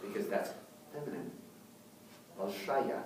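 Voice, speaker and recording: Echoey teacher in a classroom, heard from afar. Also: male voice, mid-range voice, animated, a little slow, a little mellow, distant mic, a little hiss or hum. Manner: explains patiently, often checks in with "okay?". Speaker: Russian language teacher. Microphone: far camera. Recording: very echoey room, recorded from afar.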